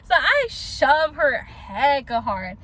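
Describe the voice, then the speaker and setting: A woman's voice: sits high, big pitch swings, takes it slowly, a bit bright. A woman telling a personal story in a casual, slangy vlog chat, acting out her own past lines and laughing often.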